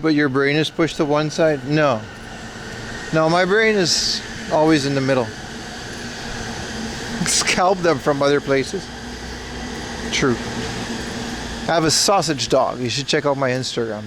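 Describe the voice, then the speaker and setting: A man's voice: on the high side, a little slow, long pauses, noisy background. A man hosting a casual outdoor livestream, joking and answering chat questions aloud as he walks city streets. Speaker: livestream host.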